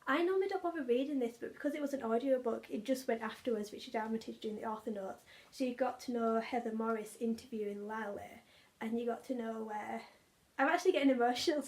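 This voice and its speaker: A young woman, chatting enthusiastically about favourite audiobooks, often repeating words for emphasis. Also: on the high side. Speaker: book vlogger. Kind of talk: casual chat.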